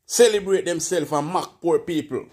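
A Jamaican man with a Jamaican Patois accent, hosting a casual political commentary channel and ranting in an animated, indignant way. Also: a little high, normal speed, husky.

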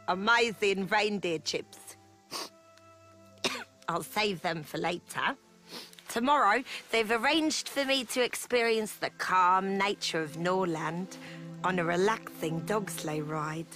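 A woman's voice: mid-range voice, takes it slowly, sharp tone. A woman playing a clueless, chirpy, self-important Eurovision spokesperson in a comic mock travel report. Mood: bumbling. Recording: music playing underneath.

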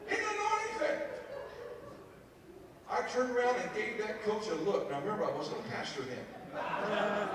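A man preaching as a pastor, telling a story in an animated, humorous way. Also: very high-pitched, slight background noise. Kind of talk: storytelling sermon. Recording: echoey hall, mic far off.

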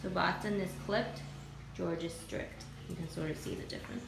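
A woman's voice: on the low side, fairly even intonation, moderate pace, creaky, background noise. A woman boarding dogs who coos praise at them in a rising sing-song and chats casually about them. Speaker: dog boarder. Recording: echoey room with music behind.

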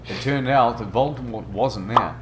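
A man reading fan fiction aloud in a deadpan, mock-serious comedic style. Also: mid-range voice, moderate pace. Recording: narration clip with background noise.

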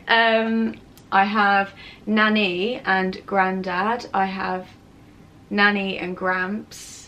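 A woman's voice: medium pitch, fairly bright tone. A teenage girl with an English accent, chatting through a casual Q&A vlog, giggly and rambling as she goes off topic. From England. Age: teens. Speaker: vlogger. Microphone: camera mic with ring light setup.

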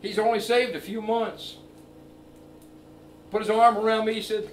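A middle-aged male evangelist preaching a sermon in a church, telling a story and building to loud, emphatic preaching. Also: high-pitched, little pitch movement, moderate pace, pauses often, slight background noise. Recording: echoey church from far off.

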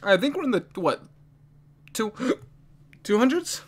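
An excitable anime reaction host in casual commentary, often laughing and talking back to the screen. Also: medium pitch, unhurried.

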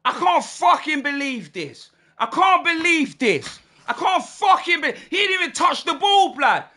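A young man, commentating on his own football video game with excitable shouts and lots of slang. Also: very high voice, a little slow. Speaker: gaming streamer.

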